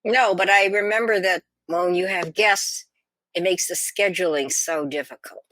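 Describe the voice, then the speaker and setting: A woman's voice: fairly low pitch, moderate pace, a bit bright. An older woman co-hosting a podcast in casual chat, speaking with wry, dry humor on a computer mic. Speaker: podcast co-host. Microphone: computer microphone.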